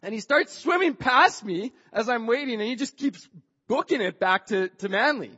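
A man telling a personal story with a moral in a chatty, animated way, acting out what people said and often filling pauses with "like". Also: very high-pitched, breathy edge, in a large hall, muffled recording. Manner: chatty, acts out quoted dialogue, frequent "like" fillers.

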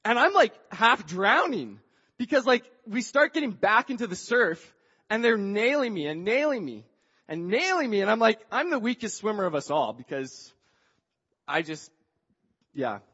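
A man telling a personal story with a moral in a chatty, animated way, acting out what people said and often filling pauses with "like". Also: high-pitched, breathy edge, big-room sound, dull audio. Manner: chatty, acts out quoted dialogue, frequent "like" fillers.

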